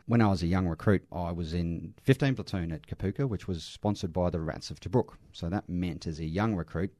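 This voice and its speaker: Fast-talking deep-voiced Australian man. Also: dark tone, dry recording, studio quality. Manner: earnest, anecdotal, with frequent restarts and light laughs. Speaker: army veteran working in veteran aged care. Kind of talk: conversational interview storytelling.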